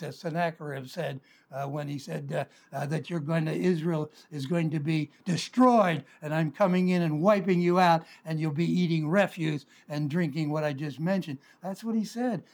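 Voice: mid-range voice, normal speed, few pauses, a little mellow. A preacher giving a Sunday sermon in a frank, conversational way, with wry asides and filler words.

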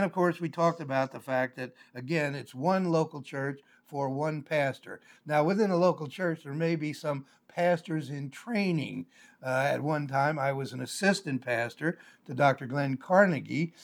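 Older male pastor teaching scripture on a live stream, measured and explanatory, pausing often on "uh". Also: a little high, vocal fry. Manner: measured, explanatory, with frequent "uh" fillers.

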